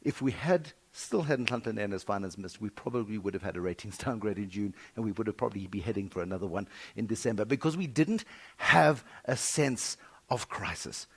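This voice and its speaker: Wry South African keynote speaker. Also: male voice, lowish voice, a little fast, slightly rough. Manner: animated, wry, dramatic shifts in volume. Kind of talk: humorous keynote storytelling. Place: conference breakfast venue.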